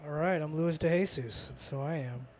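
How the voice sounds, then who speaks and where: A man of Dominican background does stand-up on a bar stage. His voice sits a touch high. He jokes about himself and keeps up loose, teasing banter with the room. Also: moderate pace, a little mellow. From Dominican family background. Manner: playful, self-deprecating banter with the crowd. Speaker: stand-up comedian. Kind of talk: stand-up comedy set. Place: bar stage at a live open mic.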